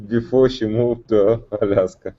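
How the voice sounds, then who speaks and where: A man with a Russian accent, a student in an online English lesson, speaking haltingly with many restarts. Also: fairly low pitch, dark tone, highs cut off.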